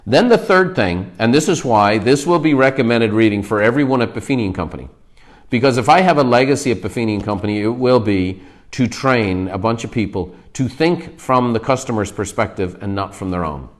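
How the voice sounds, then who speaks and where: A man delivering an emphatic motivational talk to his company over a livestream. He drives each point home and keeps checking in with a quick "okay?" before pressing on. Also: lowish voice, expressive. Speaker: company leader giving a book talk.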